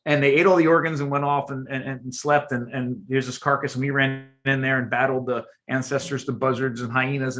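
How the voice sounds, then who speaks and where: A man, a guest archaeologist and chef, explaining things at length in a podcast interview, emphatic and animated and often repeating words as he goes. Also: mid-range voice.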